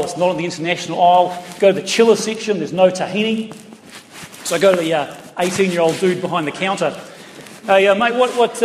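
A middle-aged New Zealand man with a high voice tells stories in a chatty stand-up set, tossing playful asides to the crowd. He's a comedian on a large town hall stage, heard through a PA stage mic and recorded from a distance in the echoey hall. There's slight background noise and audience laughter.

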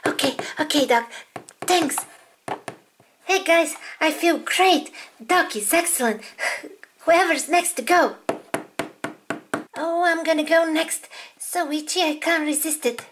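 A woman's voice: high-pitched, takes it slowly, pauses often, background noise. A woman voicing dolls in a toy-play video, in a childlike, sing-song way. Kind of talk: toy play with doll voices.

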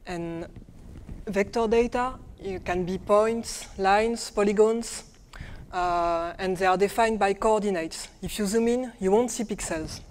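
A woman's voice: medium pitch, measured pace, a little mellow, a little hiss or hum. Hesitant French-accented woman. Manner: hesitant, many fillers and restarts. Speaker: conference speaker. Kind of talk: technical conference talk. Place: conference room.

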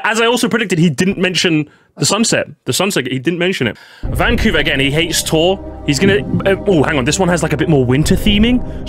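A man giving excited reaction commentary, making predictions and pleading with the screen. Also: on the high side. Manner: animated, predicting and pleading, bursts of laughter. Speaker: reaction streamer. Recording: music playing under the voice.

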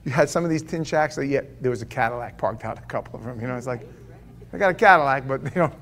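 A man's voice: mid-range voice, fast talker, fairly bright tone. A man preaching a sermon as pastor of a church, telling stories in a conversational way and firing off rhetorical questions.

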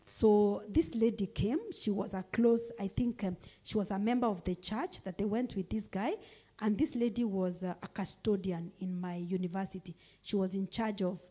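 A woman's voice: mid-range voice, normal speed, warm tone. A woman with a Kenyan accent preaching a sermon in church, emphatic and repeating her key phrases. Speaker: guest preacher.

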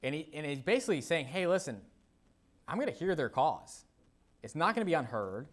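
A man's voice: on the high side, big pitch swings, fairly quick. A man preaching a sermon as pastor, talking casually with frequent "okay?" and "you know", reading scripture aloud and repeating verse references. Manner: reads scripture aloud in King James wording; repeats verse references while the congregation finds them.

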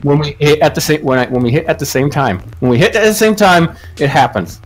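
A man's voice: a little high, expressive, fast, soft background music. A man playing a game with friends, swearing constantly and ranting in frustration. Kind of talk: heated multiplayer gaming chat.

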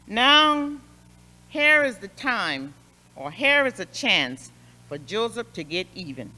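In a mid-range, bright, forceful voice, a woman teaches a Sunday school class, retelling a Bible story at an unhurried pace. She is expressive and emphatic, repeating key phrases for emphasis, and a long church-hall reverb surrounds her.

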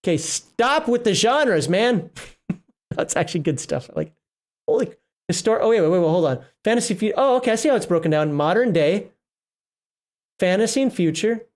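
A man's voice: high voice, expressive, brisk, long pauses, darkish tone. A middle-aged man hosting a casual livestream, reading rules aloud and rambling, often breaking off mid-word. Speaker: livestream host reviewing a tabletop RPG book.

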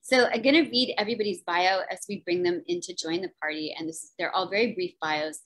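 A woman from New Jersey hosts and moderates a virtual book event on a video call, chatty and enthusiastic with lots of fillers. Her voice is fairly low, fast and a bit bright, and the recording quality is low.

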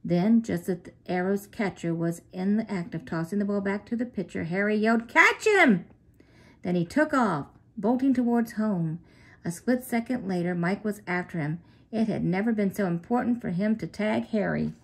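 A woman narrating a children's story in a steady, clear way. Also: mid-range voice, normal speed.

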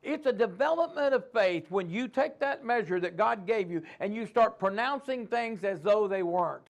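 A man's voice: sits high, lively intonation, moderate pace, creaky. A man preaching a sermon in a church, calling out to his congregation and acting out the inner voices of doubt. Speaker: pastor.

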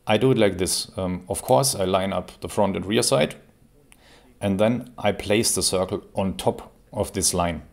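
A man, creaky after a cold, explaining an airgun in a relaxed, casual review with plenty of fillers. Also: low voice, normal speed. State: recovering from a cold. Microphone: camera mic while seated.

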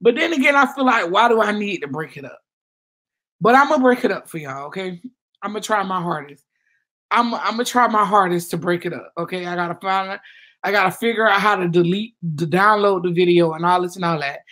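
A woman's voice: medium pitch, fairly quick, a bit bright. A woman hosting a casual livestream, rambling and chatty as she reads out viewers' comments. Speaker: livestream host.

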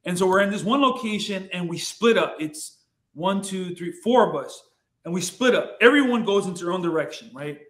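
A man telling a casual story as a podcast guest, excitable, swearing freely and repeating himself as he goes. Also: high-pitched, a little fast. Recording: roomy echo.

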